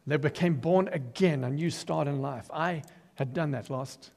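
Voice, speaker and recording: An older man giving a testimony sermon as an animated storyteller who acts out quotes and breaks into loud emphasis. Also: on the high side, a little slow, vocal fry. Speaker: preacher giving his testimony. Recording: long reverb of a large hall.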